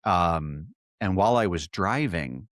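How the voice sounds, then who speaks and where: Deep-voiced man telling a halting story. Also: lively intonation, a bit bright, no room sound, studio quality. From California. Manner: halting, repeats words as he tells a story. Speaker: podcast host. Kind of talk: emotional personal storytelling.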